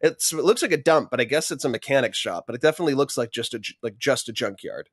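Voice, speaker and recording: A man's voice: medium pitch, expressive, fast talker, dry recording. Man co-host, casual profane film recap, laughs a lot, dry close sound. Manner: profane, laughing, acts out scenes. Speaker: podcast co-host.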